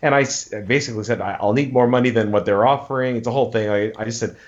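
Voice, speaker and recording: A man in his thirties talks through a long story in a loose, casual way, often restarting sentences and slipping into the voices of the people he quotes. His pitch sits at a middling level. The recording sounds a little dull and lo-fi. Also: racing. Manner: rambling, many restarts, acts out quoted voices. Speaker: interview guest. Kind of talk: casual interview chat.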